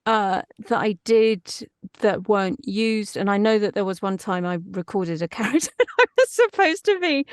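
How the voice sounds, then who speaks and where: Chatty voice actress, dry sound. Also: female voice, mid-range voice, clear, resonant tone, dry recording. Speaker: voice actress guest. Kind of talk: casual interview chat.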